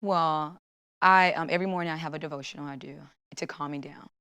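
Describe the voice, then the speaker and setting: A woman's voice: sits low, fairly quick, clean tone. A young woman, an Olympic athlete, telling her story in a casual interview and acting out her own thoughts and the things people said to her. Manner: lively, acts out her own inner voice and quotes. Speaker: Olympic long jumper guest.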